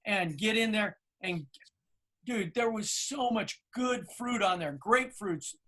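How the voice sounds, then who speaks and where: A man's voice: high-pitched, unhurried. A middle-aged man co-hosting a podcast over a video call, telling stories and acting out what others said. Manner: storytelling, animated quoting of others. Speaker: podcast co-host.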